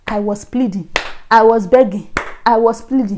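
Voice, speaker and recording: A Nigerian woman vlogger telling a personal story in a lively, animated way, acting out the voices she quotes. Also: fairly high pitch, normal speed, slight background noise. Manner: animated, acts out quoted voices, frequent laughs. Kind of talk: casual storytelling.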